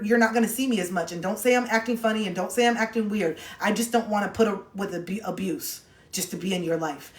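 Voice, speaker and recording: A young adult woman giving advice on a phone livestream, talking bluntly, directly and with sarcasm. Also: mid-range voice. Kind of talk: casual livestream advice talk. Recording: roomy echo.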